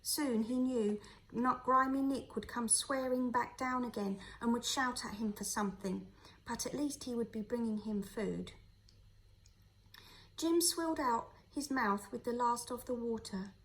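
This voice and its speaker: Reading aloud to a class, a female teacher tells a children's novel at a calm, even pace with a clear, steady delivery. Her voice is slightly high, and the audio quality is poor.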